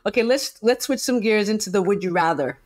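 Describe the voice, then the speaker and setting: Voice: mid-range voice, a little fast, no echo. Podcast host asking would-you-rathers, upbeat, super dry sound. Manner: enthusiastic, reacts with laughs. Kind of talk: casual interview.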